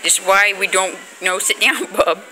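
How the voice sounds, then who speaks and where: A woman feeding a toddler in a fast-food restaurant, coaxing and teasing him in playful baby talk while filming on a handheld phone. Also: medium pitch, background noise. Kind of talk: casual talk to a small child.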